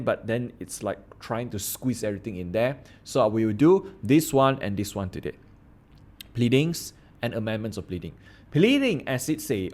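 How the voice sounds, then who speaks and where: A man giving a law lecture to a class, asking many rhetorical questions. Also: mid-range voice. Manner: animated, asks rhetorical questions.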